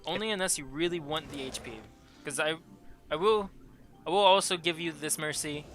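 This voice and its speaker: A man's voice: on the high side, normal speed, fairly bright tone, faint music behind. A man casually commenting as his friend plays a game, chatty and laughing often. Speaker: guide watching a friend play.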